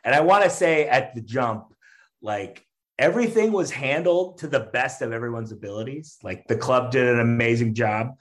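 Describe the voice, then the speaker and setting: A man spins a story in relaxed conversation, loose and chatty, with plenty of fillers and restarts. He laughs along as he goes and acts out the voices of the people in it. His voice sits at an ordinary middle pitch. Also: normal speed. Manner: animated storyteller, acts out quotes, laughs often. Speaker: stand-up comedian guest. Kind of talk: casual storytelling chat.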